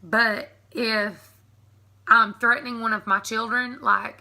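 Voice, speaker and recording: A woman in her thirties with a strong East Tennessee Southern accent talks through a word list in a chatty vlog. Her voice is very bright and has a gravelly fry running through it, and she breaks into laughter often. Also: a little high, steady tone, slow. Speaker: YouTube creator. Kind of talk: casual accent tag vlog.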